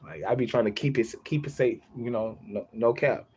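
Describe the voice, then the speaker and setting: A man's voice: mid-range voice, normal speed, darkish tone, slight background noise. A young man chatting casually on his livestream, rambling, repeating himself and laughing often.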